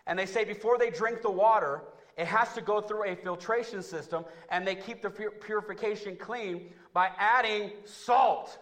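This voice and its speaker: High-voiced preaching pastor, man. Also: normal speed. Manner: animated preaching, rising to loud climaxes; calls out to the congregation. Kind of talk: sermon. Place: church.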